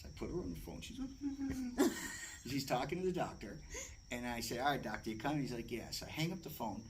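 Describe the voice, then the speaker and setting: A man's voice: on the high side, moderate pace, slight background noise, poor audio. A man casually telling an anecdote as a podcast guest, acting out other people's voices. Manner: animated, acts out the voices of others.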